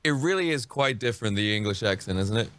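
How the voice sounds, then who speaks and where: Mocking streamer man, lively swooping pitch. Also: fast. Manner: mocking, profane, sarcastic asides. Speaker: streamer reacting to videos. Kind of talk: casual reaction commentary.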